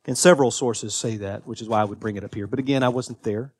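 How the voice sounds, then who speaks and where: A man in his thirties preaching a sermon as a pastor. He is earnest, swings from emphatic peaks to quiet confession, and often restarts and repeats his words. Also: lowish voice, fast, breathy edge, dry recording, clean studio sound.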